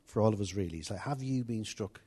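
Preaching an informal sermon, a man talks to his congregation in a loose, chatty style, restarting sentences and turning to address people in the room. His voice is a little low, with a dark tone and a breathy edge, and he speaks fast.

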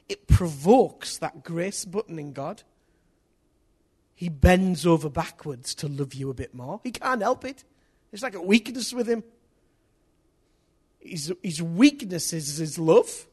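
High-voiced preacher man, swinging from hush to shouting. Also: breathy edge. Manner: swings from hushed to excited shouting; lively storyteller with local place names and slang. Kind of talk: sermon with storytelling.

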